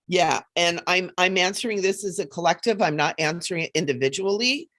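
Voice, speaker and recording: Woman, lowish voice, chatty livestream host, laughs a lot, card readings. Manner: chatty, laughs often, animated.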